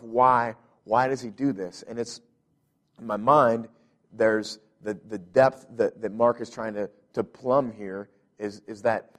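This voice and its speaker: A man preaching a sermon as a pastor, reading scripture aloud and explaining it in an earnest manner, often repeating words as he builds toward emphasis. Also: fairly low pitch. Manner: earnest, repeats words when stressing, rises in intensity.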